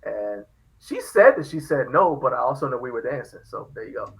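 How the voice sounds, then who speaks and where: A man's voice: mid-range voice, very animated, a little fast, low-quality recording. A man hosting a podcast, telling a story in casual chat and acting out the quoted lines. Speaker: podcast host.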